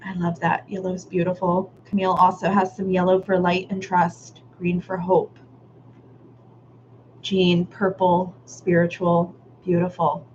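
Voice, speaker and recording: A woman's voice: lowish voice, monotone, measured pace. A woman leading a live online art workshop, reading out participants' comments in a casual, affirming way, laughing often and sometimes swearing. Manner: warm, affirming, casual with Southern "y'all". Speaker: workshop facilitator. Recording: slightly dull live-stream audio with faint noise.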